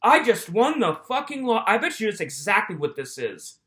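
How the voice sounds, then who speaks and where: A video commentator reacting to courtroom footage in an animated rant full of swearing. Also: mid-range voice, normal speed.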